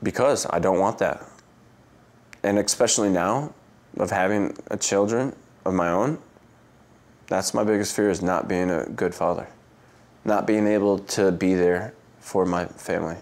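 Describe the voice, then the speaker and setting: Interview guest, male, 30s, lower pitch, rambling casual storyteller who laughs easily. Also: normal speed, pauses often, darkish tone. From United States. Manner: rambling, heavy use of "like" and "um", laughs often, mimics voices in quotes. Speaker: interview guest, Olympic swimmer.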